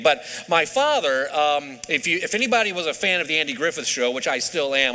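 High, bright-voiced preacher in a reverberant hall. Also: male voice. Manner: conversational, asks the congregation questions. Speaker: pastor. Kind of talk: sermon.

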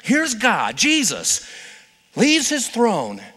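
A man's voice: very high-pitched, huge pitch swings, very slow, sharp tone, big-room sound. A male pastor preaching a sermon in a playful, conversational storytelling manner.

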